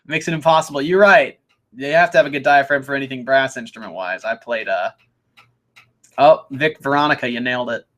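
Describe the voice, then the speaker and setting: A man's voice: medium pitch, fairly quick, a bit bright. A young man hosting a casual live Q&A, chatting upbeat as he reads out viewer questions. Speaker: host.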